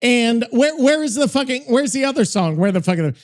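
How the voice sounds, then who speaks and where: A man's voice: extremely high pitch, expressive, fairly quick. A man hosting a podcast, weary and rambling, cursing often in casual chat. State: tired. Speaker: podcast host. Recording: music playing behind the voice.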